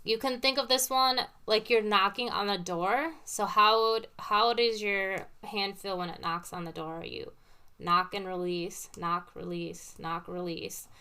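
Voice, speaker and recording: A woman's voice: medium pitch, steady tone, a little slow, sharp tone, smooth. A woman teaching piano, patiently explaining with everyday comparisons between played examples. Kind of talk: casual teaching talk with demonstrations. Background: piano played between phrases.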